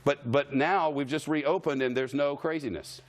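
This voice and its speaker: A man's voice: on the high side, steady tone, moderate pace. A man anchoring live cable news, talking in a wry, conversational way with jokey asides. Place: television studio.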